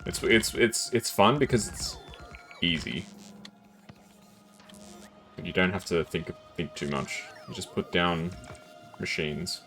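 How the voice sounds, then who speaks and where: Deep-voiced, chatty male game streamer. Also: animated, slow, long pauses, fairly bright tone, soft background music. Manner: chatty, laughs often, self-deprecating. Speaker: gameplay streamer. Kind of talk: casual live-stream commentary.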